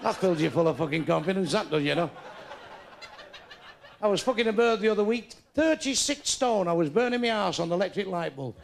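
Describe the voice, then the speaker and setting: An older man performs stand-up on a club stage, blunt and foul-mouthed. His voice is gravelly and high-pitched for a man, swooping up and down through each joke. A faint hum of the room sits behind him. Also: animated, fast, long pauses. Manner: crude, brash, swearing punchlines. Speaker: stand-up comedian. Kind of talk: stand-up comedy routine. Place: comedy club stage before a live audience.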